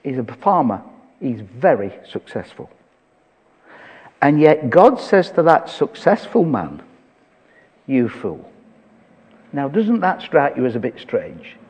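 A man's voice: mid-range voice, sing-song, measured pace, darkish tone, slightly rough, long reverb tail. A man preaching a sermon, reading scripture aloud and talking it through conversationally with touches of humor.

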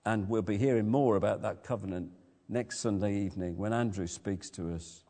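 A man's voice: on the low side, moderate pace, mellow, in a large hall. A man preaching a sermon. He tells stories and often puts questions to his listeners. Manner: storytelling, asks the listeners questions.

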